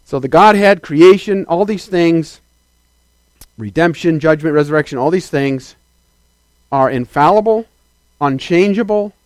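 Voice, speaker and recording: A man preaching a sermon as a pastor, swinging between loud declarations and quiet asides and calling out to the congregation. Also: on the high side, unhurried, no echo. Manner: calls out to the congregation for affirmation.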